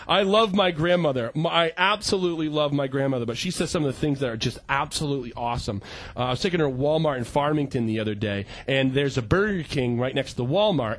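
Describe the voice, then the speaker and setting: Lively, high-voiced male preacher. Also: no echo. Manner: animated storyteller, acts out voices and shouts for emphasis. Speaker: pastor. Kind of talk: sermon.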